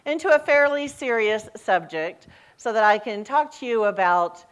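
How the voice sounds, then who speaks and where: Woman, minister, sermon, animated storytelling, middle-aged. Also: a little high, normal speed, clear, resonant tone. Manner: lively storytelling, voice rising and falling, acts out quoted lines. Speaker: senior minister.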